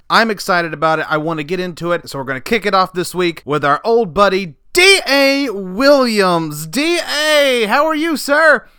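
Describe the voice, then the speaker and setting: A man's voice: on the high side, sharp tone, smooth, no room sound, clean studio sound. A man hosting a comedy podcast, introducing the episode with hyped, rambling patter. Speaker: podcast host.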